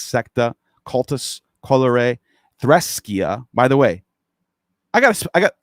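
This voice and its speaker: A man's voice: medium pitch, no echo, clean studio sound. A man hosting a casual online discussion, talking in a rambling, profane and heated way. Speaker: podcast host.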